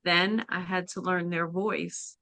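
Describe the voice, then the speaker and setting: Woman guest, earnest halting storyteller, bright tone, slow delivery, dry close sound. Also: on the low side, steady tone, no room sound. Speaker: guest, spiritual practitioner. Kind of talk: personal storytelling in a podcast interview.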